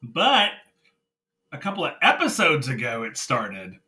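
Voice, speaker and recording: A man co-hosting a wrestling review podcast, chatting casually and retelling scenes in animated, excited bursts. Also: mid-range voice, a little slow, low-quality recording. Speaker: podcast co-host.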